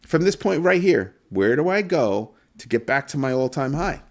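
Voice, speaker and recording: On a casual crypto live stream, a man talks through the numbers, swinging animatedly between calm and mock panic. His voice is mid-range and his pace moderate.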